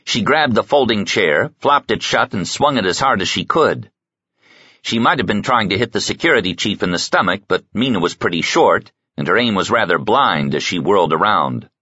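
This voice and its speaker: A very deep-voiced man narrates an audiobook with lively, swinging intonation and a bright, husky edge. The recording is dry and close, with a dull, lo-fi sound. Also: moderate pace, dry recording. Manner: lively, dramatic storytelling. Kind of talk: scripted narration.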